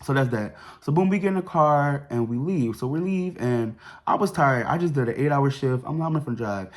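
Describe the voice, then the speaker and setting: A young man telling a personal story to his viewers in a chatty, slangy way, dropping fillers like "boom" and "whatever". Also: lively intonation, fairly quick. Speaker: vlogger. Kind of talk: casual storytime.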